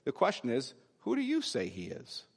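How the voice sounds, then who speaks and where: A man's voice: medium pitch, huge pitch swings, normal speed, creaky, husky. A man preaching a sermon, explaining scripture with emphatic repetition. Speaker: pastor. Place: church sanctuary. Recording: long hall reverb.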